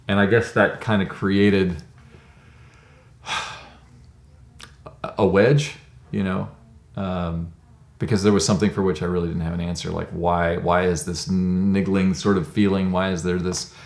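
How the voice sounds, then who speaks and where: Low-voiced guy in his 50s talking thru his past, reflective, lots of ums, echoey room. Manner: reflective, conversational, many "um"s. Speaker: interviewee. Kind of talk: personal storytelling.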